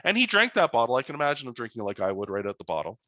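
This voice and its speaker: A man's voice: medium pitch, racing, no echo, highs cut off. A man, a financial educator telling anecdotes in an online webinar presentation. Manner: animated anecdotal storytelling.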